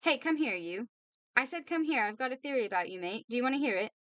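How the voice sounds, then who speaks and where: A woman voicing a brash, chummy female showbiz agent who coaxes and flatters, in a read-aloud novel. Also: a little high, fast talker, no echo, highs cut off. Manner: chummy, coaxing.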